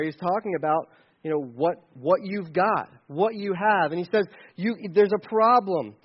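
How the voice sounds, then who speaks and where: The recording is muffled, and the man's voice sits high as he preaches in conversation-like fashion on a Bible passage. He rambles in a casual way and playfully acts out examples as asides.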